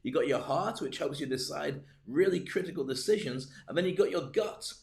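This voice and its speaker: On a livestream, an older man coaches people on speaking, playful and full of jokes, animatedly acting out little scenes with plenty of asides. His voice is a little high and gravelly, and he talks briskly.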